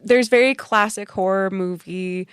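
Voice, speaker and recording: A woman's voice: medium pitch, a little slow, clean tone, dry recording, studio quality. Chatty woman podcast co-host. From Canada. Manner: rambling, chatty, lots of fillers. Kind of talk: casual chat about a film.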